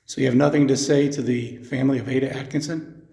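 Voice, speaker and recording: A man on a ghost-hunting session, asking spirits slow, measured questions inside an old jail. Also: mid-range voice, steady tone, vocal fry, warm tone. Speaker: paranormal investigator. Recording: echoey old jail cell.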